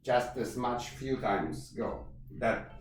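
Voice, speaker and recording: A man's voice: mid-range voice, animated, distant mic, over music. Demanding male violin teacher, echoey room. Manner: demanding, direct, gives quick commands. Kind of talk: one-on-one violin lesson coaching. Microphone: far camera.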